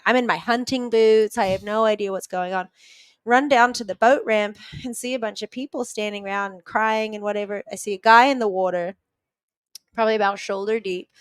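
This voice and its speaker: A woman from New Zealand, a podcast guest, earnestly retelling a personal story with quick restarts. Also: medium pitch, clean tone, no echo.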